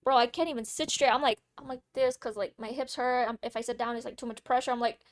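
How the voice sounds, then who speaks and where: A young woman vlogger telling a casual story, chatty and playful, swearing freely with quick asides. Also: fairly high pitch, fairly even intonation, no room sound, clean studio sound.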